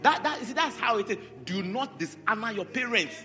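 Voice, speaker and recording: A man preaching with a bright, ringing voice that sits a little high. He talks in an animated, repetitive way, calling out to people in the congregation. The sound carries a long hall reverb with faint music underneath. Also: fairly quick. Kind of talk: sermon.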